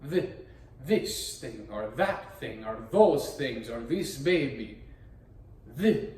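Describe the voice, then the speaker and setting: A man's voice: mid-range voice, lively intonation, takes it slowly, darkish tone. A man who performs voices gives an explanatory talk on voice acting, in a theatrical, playful manner full of rhetorical questions. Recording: echoey room, voice from a distance.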